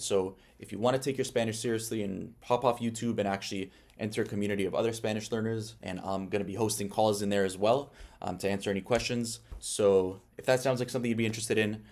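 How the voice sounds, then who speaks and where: A young man with a slightly low voice teaches a beginner's lesson in a casual, chatty way. He explains step by step and stops now and then to ask the viewer questions. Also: a little mellow. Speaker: Spanish teacher.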